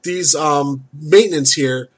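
A man's voice: fairly high pitch, takes it slowly, slightly rough. A man in casual chat, swearing often and venting in an exasperated way about his neighbors. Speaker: store worker.

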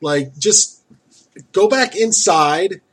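Husky man ranting about neighbors. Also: high-pitched, animated, extremely slow. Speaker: store worker. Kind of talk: casual chat.

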